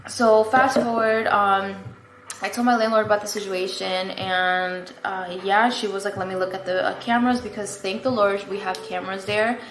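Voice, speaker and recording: A woman's voice: mid-range voice, flat delivery, moderate pace, fairly bright tone, slight background noise. Chatty young woman in an echoey room. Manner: chatty, rambling, lots of fillers and "like". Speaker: vlogger. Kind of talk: casual story-time chat. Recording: echoey room, faint ambience.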